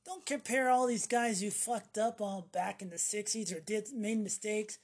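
A woman's voice: medium pitch, steady tone, normal speed, darkish tone. A woman delivering a profane, sarcastic ranting monologue to camera, mocking the people she talks about. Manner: sarcastic, acts out mocking voices; swears freely. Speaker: vlogger.

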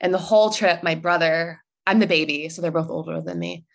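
Young woman guest, chatty storyteller, lower voice, filler-heavy and easy laughs. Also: fairly even intonation, fairly quick, creaky. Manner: chatty, lots of likes and ums, laughs easily. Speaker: podcast guest. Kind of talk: casual storytelling.

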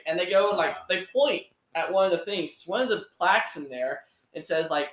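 A man with a fairly high, slightly quick voice co-hosts a casual podcast, telling stories with animation and acting out the quotes. The recording has a roomy echo.

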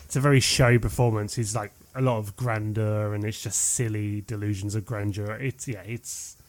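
A man's voice: on the low side, fairly even intonation, normal speed. A man in casual conversation about films, rambling and trailing off, with frequent swearing. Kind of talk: casual film chat.

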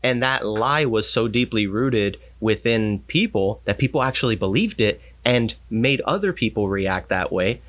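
Male pastor, low voice, chatty storyteller. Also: animated, normal speed, hardly any pauses, a bit bright. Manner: storytelling, acts out quoted voices. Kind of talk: casual faith talk.

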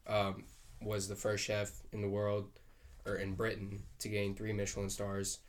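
A man's voice: lowish voice, completely flat delivery, measured pace. A young man co-hosting a podcast, talking casually in a laid-back, rambling way with lots of fillers. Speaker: podcast co-host. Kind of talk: casual chat.

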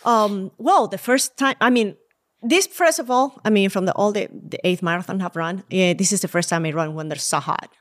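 A woman guest telling her story in a relaxed casual interview, laughing often. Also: medium pitch, fairly quick. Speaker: guest runner.

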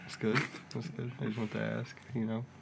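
Hesitant low-voiced young man. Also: monotone, vocal fry, noisy background. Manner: hesitant, low-key, halting. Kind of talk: casual chat.

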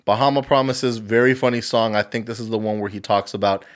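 A man's voice: on the low side, steady tone, fast. A young man co-hosting a casual podcast, rambling through his opinions, swearing freely and slipping into mocking impressions. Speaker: podcast co-host. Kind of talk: casual chat.

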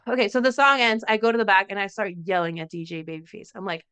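A young woman with a bright, crisp voice, swearing freely as she tells a story on a podcast. She acts out other people's lines with lively energy. The sound is dry and close to the mic. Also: mid-range voice, quick pace, no room sound. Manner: animated, profane, acts out quotes of others. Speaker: podcast co-host. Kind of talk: casual storytelling chat.

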